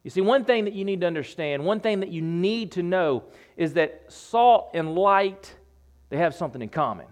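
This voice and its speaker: A man's voice: high voice, lively intonation, normal speed. A man preaching a sermon, emphatic, repeating phrases and dropping his voice for effect.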